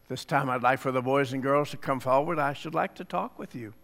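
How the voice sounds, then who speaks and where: A male pastor leading liturgy and talking with children, slow, deliberate and gentle. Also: medium pitch, vocal fry. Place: church sanctuary.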